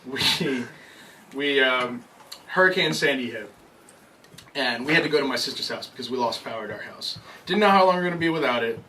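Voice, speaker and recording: Recorded from a distant mic over loud noise and crowd sound, a young comedian performs a stand-up set at a bar comedy night. He speaks a little fast in a mid-range voice, telling his story animatedly and cracking himself up.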